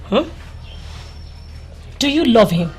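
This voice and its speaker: A playful young village woman with a Nigerian accent, teasing her friend in a slightly husky voice that leaps about in pitch. Nollywood film dialogue, casual and mischievous. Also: very animated, takes it slowly, heavily acted.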